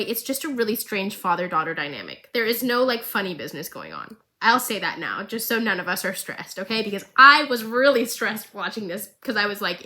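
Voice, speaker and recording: Bubbly bright-voiced woman vlogger. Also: mid-range voice, brisk, hardly any pauses. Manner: excitable, jokey, dramatic. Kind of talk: chatty animated-show recap.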